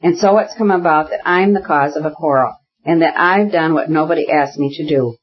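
A reader voicing Kitty, a proud young woman who speaks in impassioned, insistent bursts, with a husky voice. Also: mid-range voice, brisk, muffled recording, close to an everyday voice. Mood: furious. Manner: impassioned, insistent, repeating herself. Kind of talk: audiobook character reading.

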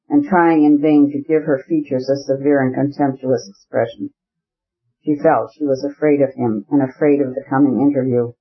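A man reading a classic novel aloud as an audiobook narrator, steady and measured, in a muffled lo-fi recording. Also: on the high side.

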